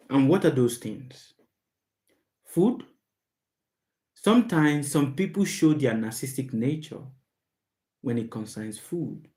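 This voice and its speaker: A man hosts a live question-and-answer stream in an unremarkable mid-range voice. He speaks slowly and with heavy emphasis, repeating key words so they sink in. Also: mid-range voice, a little mellow. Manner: slow, emphatic and repetitive, stressing words. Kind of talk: live Q&A monologue.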